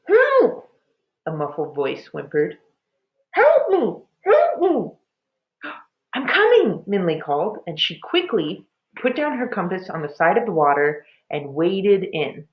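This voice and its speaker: A woman reads a chapter book aloud, slow and unhurried. Her voice is fairly low, with a lively, rising and falling melody. The recording sounds dull and lo-fi. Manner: expressive, slow storytelling. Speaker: storybook reader. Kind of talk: reading a children's book aloud.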